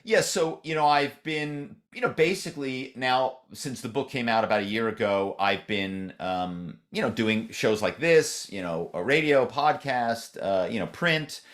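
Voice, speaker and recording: A man's voice: mid-range voice, unhurried, hardly any pauses, a bit bright. A middle-aged man as a podcast guest, talking loosely with lots of fillers and restarts. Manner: rambling, many "you know" fillers and restarts. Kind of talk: conversational interview.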